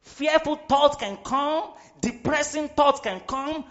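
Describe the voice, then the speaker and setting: A man from Nigeria preaching a sermon in a church, emphatic, sometimes shouting, often repeating his phrases. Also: very high-pitched, slow. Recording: slightly dull recording with faint music behind.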